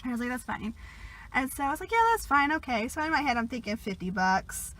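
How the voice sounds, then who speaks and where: A young woman talks straight to her viewers in a casual, confessional vlog. Her voice is bright and sits a little high, and she is a bit under the weather. She rambles warmly, laughs often and drifts into quieter asides. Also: animated, fast talker, low-quality recording. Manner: chatty, laughs often, trails off into soft asides. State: sick, a bit congested. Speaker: vlogger.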